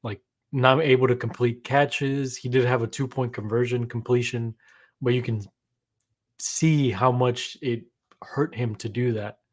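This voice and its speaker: A man co-hosting a casual sports chat, subdued and glum, pausing often with ums. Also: medium pitch, steady tone. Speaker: podcast co-host.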